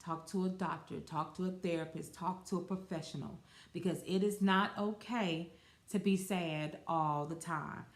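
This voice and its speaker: A woman's voice: lowish voice, fairly even intonation, normal speed. A woman in her forties hosting a podcast, talking casually and rambling with fillers and self-corrections. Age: 40s. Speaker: podcast host. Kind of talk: casual solo podcast talk. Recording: roomy echo.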